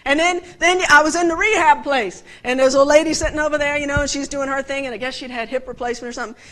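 A woman preaching a conversational sermon, animated and often putting direct questions to her listeners. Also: high-pitched, quick pace.

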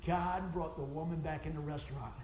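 A man giving an animated, folksy testimony for a ministry, repeating himself and exclaiming as he tells the story. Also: a little fast, reverberant, slight background noise, poor audio. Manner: voice jumps high when excited, exclaims.

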